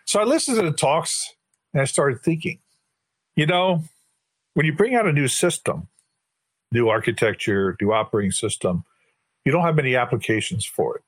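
An older man with a husky, slightly rough voice tells a long story to a podcast host, playing out each person's lines as he goes. The sound is dry and close, with no room echo. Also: medium pitch, moderate pace, pauses often. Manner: lively storyteller who acts out quoted dialogue. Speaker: guest, board chair of a tech body. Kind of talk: casual anecdotal storytelling.

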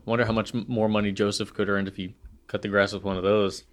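A man's voice: on the low side, little pitch movement. A man co-hosting a casual podcast, full of dry jokes and teasing asides. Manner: joking, quick quips and teasing. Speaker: podcast co-host. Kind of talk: casual chat.

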